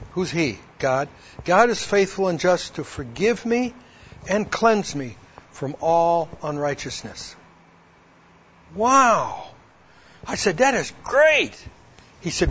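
A man's voice: fairly high pitch, slight background noise. A man giving a personal testimony, acting out both sides of a past conversation and reading verses aloud. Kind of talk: personal testimony told to a women's audience. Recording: dull lo-fi recording.

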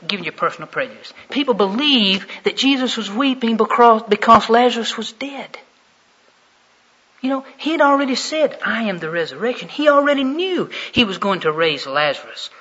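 High, bright-voiced male preacher. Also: slightly rough. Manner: dramatic swings from hushed to loud. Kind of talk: sermon. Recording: dull lo-fi recording.

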